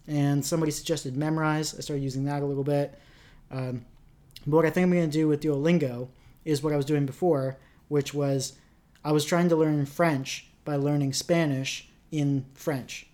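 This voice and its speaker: A man's voice: a little high, steady tone, moderate pace, darkish tone. A young man from rural Canada, co-hosting a podcast in casual, rambling chat and laughing at himself often. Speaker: podcast co-host.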